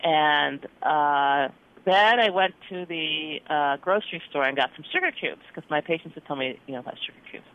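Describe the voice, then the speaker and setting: A doctor telling a story in an interview, acting out the dialogue with lively expression. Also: medium pitch, normal speed. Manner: animated, acts out dialogue in quotes. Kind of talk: storytelling in conversation. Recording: phone-like narrow band.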